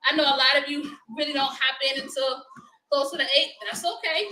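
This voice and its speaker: A woman's voice: high voice, fairly even intonation, fairly quick, bright, forceful tone, echoey room, a little hiss or hum, rough recording. A woman, hosting a casual live motivational chat, upbeat and laughing often as she talks to viewers. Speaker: livestream host.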